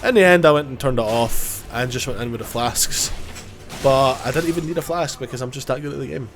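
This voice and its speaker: A man's voice: mid-range voice, brisk, soft background music. Casual joking man with a cold. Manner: casual, joking, self-mocking, swears. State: has a cold. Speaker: gaming YouTuber. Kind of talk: gameplay commentary.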